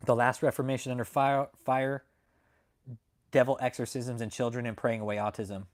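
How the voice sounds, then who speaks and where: A man's voice: medium pitch, level tone, moderate pace. A young adult man hosting a channel, telling a story to his viewers in a brash, profane, casual rant. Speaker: channel host.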